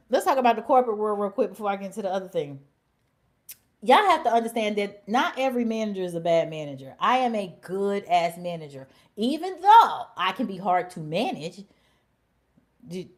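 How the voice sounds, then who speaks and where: Animated, blunt woman vlogger. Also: medium pitch. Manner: animated, blunt storytelling with slang and swearing; drops to whispers at times. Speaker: livestream host. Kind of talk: casual livestream chat.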